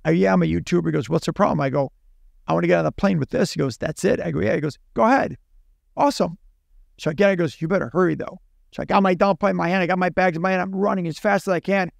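A man with a gravelly, fairly high voice tells a story as a podcast guest. He acts out each exchange in quick animated bursts. The mic is close and dry. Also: no room sound. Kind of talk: casual storytelling.

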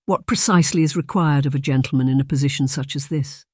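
A man narrating a novel in a measured, even reading. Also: mid-range voice, no room sound, clean studio sound. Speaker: audiobook narrator. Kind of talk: scripted narration.

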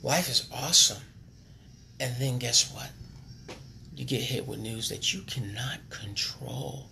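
A man who sells cars, speaking unscripted on a charity livestream, earnest and repetitive, sometimes dropping to a hush. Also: medium pitch, fairly even intonation, measured pace, gravelly, slight background noise. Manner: earnest, repetitive, preachy, drops to hushed tones. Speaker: car salesman on a charity livestream. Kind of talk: impromptu motivational appeal.

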